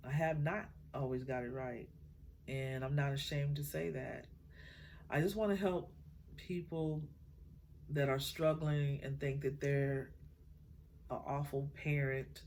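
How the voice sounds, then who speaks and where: Emotional woman telling her story softly. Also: rumbling low, fairly even intonation, slight background noise. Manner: emotional, halting, many fillers. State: tearful at times. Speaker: mother sharing her story. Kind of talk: heartfelt personal talk.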